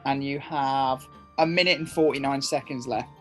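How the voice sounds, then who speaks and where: A man's voice: medium pitch, fairly even intonation, normal speed, faint music behind. A man co-hosting a casual drawing game, teasing and swearing in mock indignation. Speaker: co-host.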